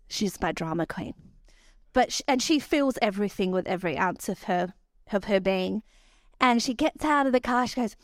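A woman, preaching a sermon and telling stories with animated quoted voices. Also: fairly high pitch, dry recording, clean studio sound.

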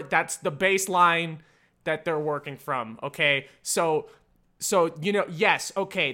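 A man's voice: a little high, bright, forceful tone. A young man hosting a podcast, chatting in a wry, rambling way. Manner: wry, rambling, frequent laughs and hedges. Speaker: podcast host. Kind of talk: casual podcast chat.

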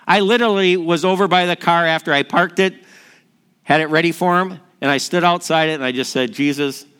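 A middle-aged man preaching a sermon in a lively, story-telling way, acting out the quotes in his stories. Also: sits high, smooth. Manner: storytelling, energetic, acts out quotes. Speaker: pastor.

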